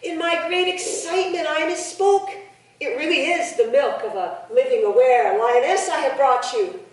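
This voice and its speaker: An earnest young servant begging his king for mercy, as a woman storyteller puts him on. The voice sits high and sounds far off in a very echoey hall. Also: moderate pace, lightly acted. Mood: pleading. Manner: earnest, imploring.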